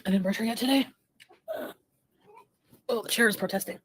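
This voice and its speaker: A woman's voice: mid-range voice, brisk, husky. A woman co-hosting a livestream, reading the chat aloud in a playful, teasing way and tossing in French phrases.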